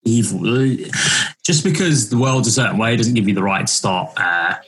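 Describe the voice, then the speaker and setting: A man's voice: fairly low pitch, expressive, normal speed. A man giving blunt, disgusted opinions in a casual chat.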